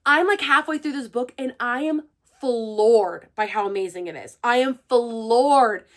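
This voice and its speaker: A young woman who hosts a book channel, chatting casually and excitedly to her viewers. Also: on the high side, unhurried. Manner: gushing and chatty, full of fillers. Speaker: book reviewer and channel host. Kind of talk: casual chat to camera.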